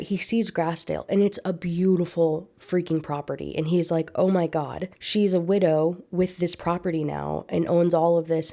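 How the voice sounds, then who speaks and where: A woman recapping a classic novel in a chatty, gushing way, jumping up in pitch to quote the characters and reading passages aloud. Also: dark tone. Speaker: book reviewer. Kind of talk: casual book recap with read-aloud passages.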